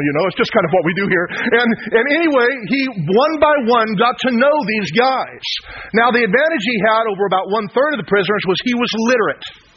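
A man preaching a sermon, retelling a story in a conversational way with lots of quoted speech. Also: high-pitched. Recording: dull lo-fi sound with faint noise.

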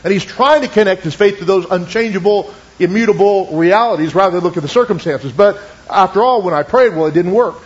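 A man preaching a sermon, retelling a testimony with many asides and quoting it in slow, lowered tones. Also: slightly rough. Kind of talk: sermon storytelling. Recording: dull lo-fi recording.

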